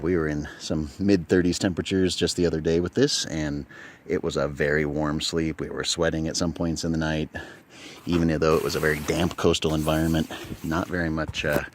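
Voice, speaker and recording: A man's voice: a bass voice, a little hiss or hum. A man casually demonstrating camping gear inside a small tent, chatty and folksy, recorded on a handheld phone. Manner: chatty, folksy, thinking aloud. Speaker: outdoor gear reviewer. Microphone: phone held in hand.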